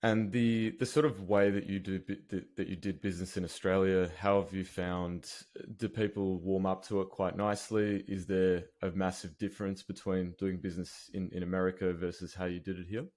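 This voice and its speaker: Deep, flat-voiced male podcast host. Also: normal speed, hardly any pauses. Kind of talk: casual conversational interview.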